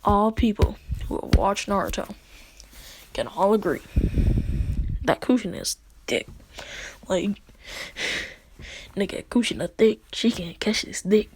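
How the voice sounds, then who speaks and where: A woman's voice: medium pitch, sing-song, measured pace, pauses often, a little hiss or hum. A woman casually narrating a fan story, half-whispering, with crude jokes and lots of fillers.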